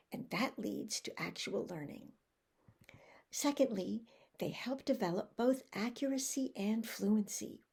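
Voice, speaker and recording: A middle-aged woman presents a teacher-training talk at a slow, measured pace. Her voice sits fairly high, with a gravelly, husky edge. She talks in a clear, deliberate, teacherly way. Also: mellow. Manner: slow, deliberate teacherly delivery with acted drill examples. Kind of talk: recorded conference presentation.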